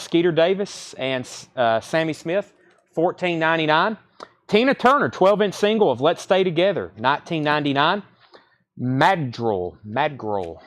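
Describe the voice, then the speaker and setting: A man hosting a live record sale stream, rattling off titles and prices with casual asides. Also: a little high. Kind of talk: live sales stream chat.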